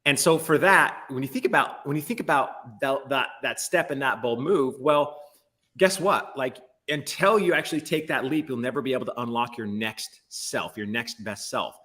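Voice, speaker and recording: A man's voice: mid-range voice, moderate pace, fairly bright tone. A man giving an emphatic, rambling motivational talk on a business panel, with restarts.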